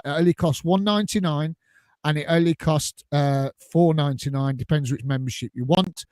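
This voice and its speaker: A man's voice: on the high side, darkish tone, no room sound. A man hosting a casual fan podcast, bantering and laughing often. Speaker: podcast host. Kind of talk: casual chat.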